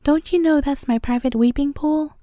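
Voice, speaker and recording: A woman's voice: sits high, moderate pace, mellow, no echo, clean studio sound, close to an everyday voice. A woman voicing a self-pitying, short-tempered old male rhinoceros in a storybook reading, with a mournful, grumbling manner. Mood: angry.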